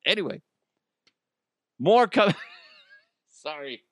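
A man's voice: fairly high pitch, lively intonation, a little slow, fairly bright tone, dry recording, studio quality. A man hosting a comedic solo podcast, joking animatedly and laughing often. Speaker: podcast host.

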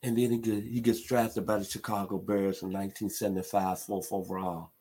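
A man from Memphis delivers an emphatic sports commentary monologue. His voice is husky and sits a little low. He hammers his points home with rising intensity. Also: little pitch movement, brisk, warm tone. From Memphis, Tennessee. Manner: emphatic, builds to impassioned outbursts.

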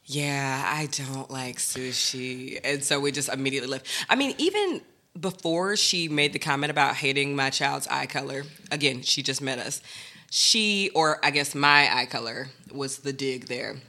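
A woman co-hosting a casual podcast with her partner, animated, acting out quotes and laughing often. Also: very deep voice, moderate pace. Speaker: podcast co-host.

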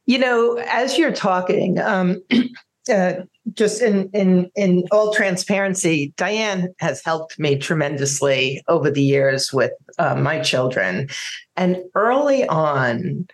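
A woman's voice: lowish voice, expressive, slow pace. A woman in her fifties hosting a parenting podcast, reflective and searching for words with many fillers. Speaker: podcast host and parenting coach. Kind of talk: podcast interview conversation.

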